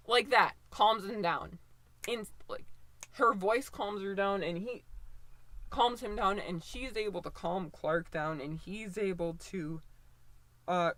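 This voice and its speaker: A woman's voice: medium pitch, takes it slowly, a bit bright, no echo. A woman in her twenties giving casual, opinionated commentary, rambling with lots of fillers and restarts. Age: 20s.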